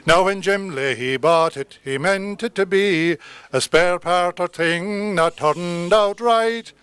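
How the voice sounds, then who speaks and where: A man reciting a comic ballad in a measured, declamatory way. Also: sits high, fairly bright tone, clean tone, no echo.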